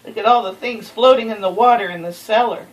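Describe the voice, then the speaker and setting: A woman voicing a brisk, helpful male policeman in a storybook reading, matter-of-fact. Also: mid-range voice, slight background noise, close to an everyday voice, rough recording.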